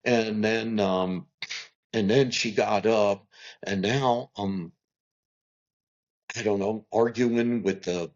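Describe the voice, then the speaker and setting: A middle-aged man, a podcast guest, telling a long family story in an animated way and acting out what people said. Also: fairly low pitch, takes it slowly, pauses often. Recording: dull lo-fi recording.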